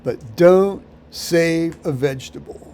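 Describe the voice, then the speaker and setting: A man rambling through a solo vlog monologue, halting with many fillers and restarts, with dry dark humor. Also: fairly high pitch, a little hiss or hum. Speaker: vlogger.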